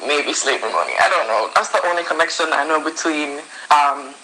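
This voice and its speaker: A woman's voice: low voice, animated, a little fast, pushed and bright, slight background noise, low-quality recording. A woman, a former student talking casually and unsure for a vox pop.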